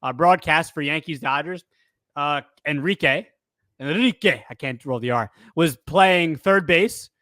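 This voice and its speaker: A man with a slightly high, somewhat bright voice speaks at a measured pace in clean studio sound with no room sound. He co-hosts a casual sports podcast, talking loosely and rambling with lots of fillers, restarts and self-corrections.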